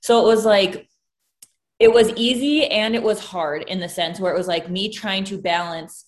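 A woman's voice: mid-range voice, moderate pace. A young woman speaking candidly in a casual conversation, open and emotional as she recalls early motherhood. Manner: candid, emotional, tearful at times.

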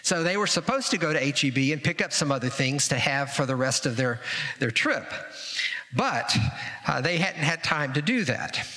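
Bright-voiced pastor preaching in a hall. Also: male voice, moderate pace. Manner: animated, acts out quoted voices with rising pitch. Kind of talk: sermon. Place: church sanctuary. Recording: reverberant hall.

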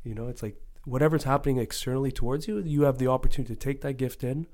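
Quick-talking man, mid pitch, casual animated storyteller. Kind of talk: casual podcast chat, storytelling.

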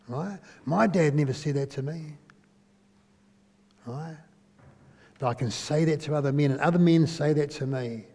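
A man's voice: on the high side, moderate pace, long pauses, mellow. A man giving a conversational sermon, often asking listeners questions and tagging lines with "eh?". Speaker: preacher. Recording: long hall reverb.

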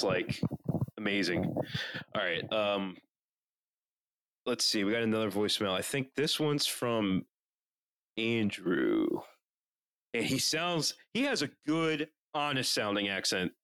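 A man with a Northeastern US accent rambles through profane banter, his pitch swinging widely as he tells stories. The sound is dry and close, with no room around him. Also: unhurried, long pauses, no room sound. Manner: rambling, profane, animated storytelling. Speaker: podcast co-host. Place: on a couch at home.

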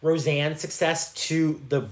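A man's voice: on the high side, slow pace. Chatty man recapping old movies. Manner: animated, swearing, acts out quotes. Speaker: podcast co-host. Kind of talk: casual movie chat.

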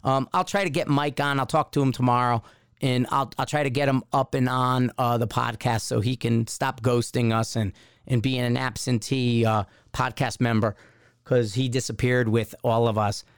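A man's voice: medium pitch, steady tone, normal speed, clear, resonant tone, dry recording, clean studio sound. A man hosting a podcast in casual solo chat. He rambles, with many fillers and restarts. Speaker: podcast host.

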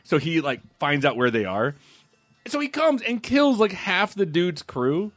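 A man's voice: a little high, very animated, measured pace, fairly bright tone, dry recording, faint music behind. A man who is a film critic, telling a profane story in casual podcast chat and laughing through it.

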